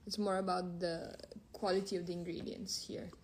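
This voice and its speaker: On a relaxed phone livestream, a woman reads out questions from viewers and gives frank answers, switching among several languages as she goes. Her voice is fairly low and level, at normal speed, with slight background noise.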